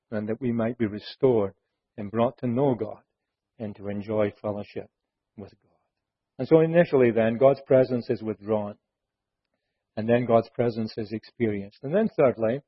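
Husky-voiced man preaching a sermon. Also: mid-range voice. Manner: earnest, conversational preaching with rhetorical questions and repeated restarts. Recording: muffled, lo-fi recording.

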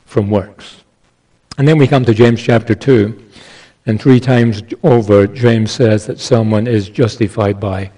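A man preaching an expository sermon in a measured, emphatic way, with small restarts. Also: medium pitch, dark tone, low-quality recording.

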